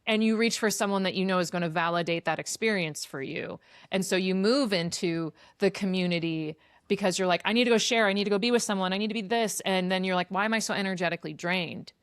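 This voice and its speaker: A woman's voice: mid-range voice, fast, clean tone, no echo, studio quality. A woman hosting a podcast, talking through ideas in a reflective, casual way with many fillers. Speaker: podcast host. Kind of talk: casual conversation.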